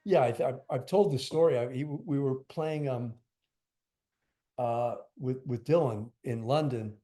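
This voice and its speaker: A man's voice: medium pitch, unhurried, warm tone. An older man, a guest musician, telling stories in a rambling, emphatic way, full of fillers. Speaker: guest drummer. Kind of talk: casual interview storytelling.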